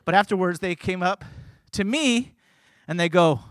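A man preaching a sermon at a church service, swinging between shouted, rhythmic lists and quiet, conversational asides. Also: high voice, moderate pace, clean tone, no echo. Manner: repetitive, rhythmic phrasing. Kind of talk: sermon to a congregation.

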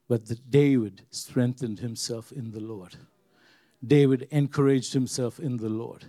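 Earnest male pastor with a dark voice. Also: mid-range voice, steady tone, measured pace, dry recording. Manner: earnest, rises loud then drops quiet, repeats phrases. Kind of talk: sermon.

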